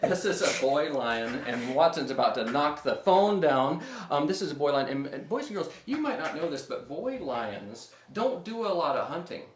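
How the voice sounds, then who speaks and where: A man's voice: on the high side, big pitch swings, normal speed, hardly any pauses. A young man teaching a music lesson for children, upbeat and leading the kids in call-and-response. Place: room at home. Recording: echoey room.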